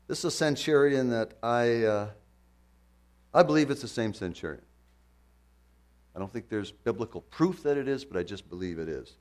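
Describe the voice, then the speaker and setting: A man preaching a sermon with passion, firing rhetorical questions and repeating phrases for emphasis. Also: on the low side. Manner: impassioned, swings from loud to hushed, rhetorical questions, repetition.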